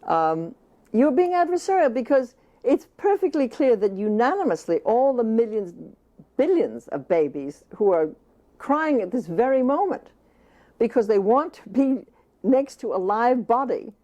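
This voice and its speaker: A woman with a mellow, warm voice gives an earnest interview as an author. She leans hard on key words and repeats phrases for stress, at times slipping into a baby's first-person view. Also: fairly high pitch, sing-song, unhurried, muffled recording.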